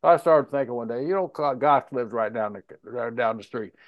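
A man's voice: mid-range voice, fairly quick, no echo, dull audio. A man hosting a casual podcast chat, retelling old stories with plenty of laughter. He acts out both sides of past conversations. His voice sits close and dry, with no room sound. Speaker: host.

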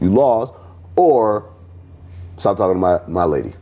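Animated man chatting about sports. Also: fairly low pitch, a little slow, dull audio. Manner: animated, acts out quotes in mock voices. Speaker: podcast co-host. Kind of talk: casual sports chat.

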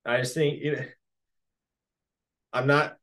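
A man co-hosting a casual sports chat, skeptical and measured as he breaks down the game. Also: a little high, flat delivery, a bit bright. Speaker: sports podcast co-host.

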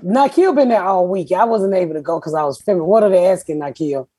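A middle-aged woman, hosting a podcast and telling profane, animated stories in casual chat. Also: on the low side, quick pace, husky, no room sound. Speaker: podcast host.

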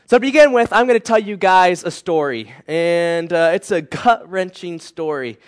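Animated young preacher man, tired voice. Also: high-pitched, normal speed. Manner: animated storytelling, swings from loud to hushed. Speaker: youth preacher. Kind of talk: sermon with personal story.

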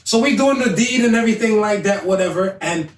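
A man hosting a casual podcast, telling a story in an animated way and acting out the voices of the people in it. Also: high-pitched, a little fast. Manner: animated, acts out quoted voices, laughs often. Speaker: podcast host. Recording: echoey room, far from mic, faint hiss.

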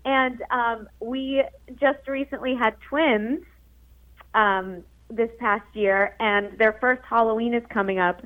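A chatty woman with a fairly high voice calls in to a radio show. She laughs easily, and her voice sounds thin through the tinny phone line. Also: fairly even intonation, slow pace. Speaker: caller.

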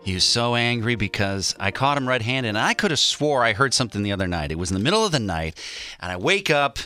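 A man in his forties tells a family story on a morning radio show. His pitch swings widely and his bright voice acts out every quote. Faint music runs underneath. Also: fast talker. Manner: animated storytelling, acting out quotes.

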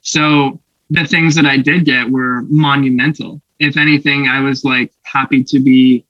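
Brief: young actor guest, animated storyteller, laughs often, dull dry podcast sound. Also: male voice, medium pitch, a little slow, no room sound. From Canada. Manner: animated, laughing, acts out voices in anecdotes. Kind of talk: casual storytelling interview.

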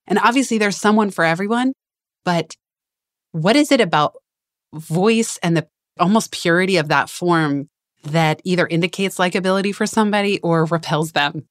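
A woman hosts a podcast with gushing enthusiasm. Her voice sits a little low and the sound is dry and close, with no room echo. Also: moderate pace. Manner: enthusiastic, effusive. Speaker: podcast host. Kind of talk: casual podcast interview.

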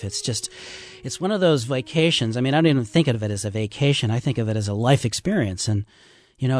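A man's voice: medium pitch, darkish tone. A man who guides river rafting trips, telling heartfelt, reflective stories as a radio interview guest. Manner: heartfelt, reflective storytelling with fillers.

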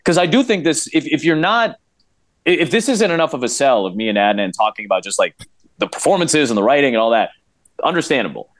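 Man, mid-pitched voice, dry close recording, eager casual film talk, quick restarts. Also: very animated, no room sound. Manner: enthusiastic, many quick restarts. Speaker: podcast guest, play-by-play broadcaster. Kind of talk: casual chat.

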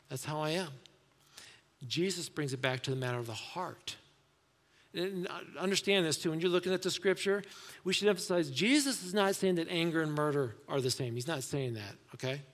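Male pastor, higher-pitched voice, chatty sermon delivery with acted-out quotes, long church reverb. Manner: conversational preaching, acts out quoted voices, drops to soft asides.

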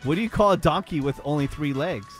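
A man co-hosting a morning radio show, telling quick one-liner jokes in banter with the crew. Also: on the high side, over music. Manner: joking, tells punchy one-liners.

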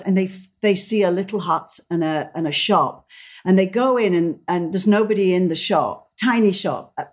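A middle-aged woman co-hosting a podcast, chatting casually and telling animated stories in which she acts out the people in them. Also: fairly low pitch. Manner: animated storyteller, acts out voices. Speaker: podcast co-host, decorator. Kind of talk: casual chat, storytelling.

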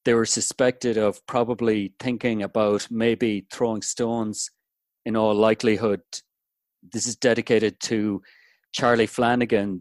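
Brief: Irish male poetry reader, low, flat delivery. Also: no echo. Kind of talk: reading a poem aloud.

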